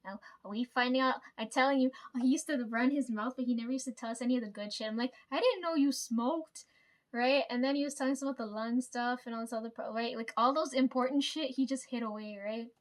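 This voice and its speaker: A woman's voice: on the high side, fairly even intonation, quick pace, few pauses. A young woman from Canada, venting in a casual monologue, blunt and swearing a lot, tagging sentences with "right?". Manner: blunt, heavy swearing, constant "right?" tags. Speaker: vlogger.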